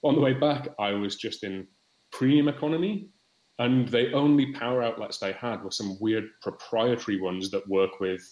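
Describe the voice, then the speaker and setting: A man's voice: medium pitch, normal speed, darkish tone. Chatty man, echoey room. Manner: chatty, rambling, wry. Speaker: guest. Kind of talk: casual podcast chat.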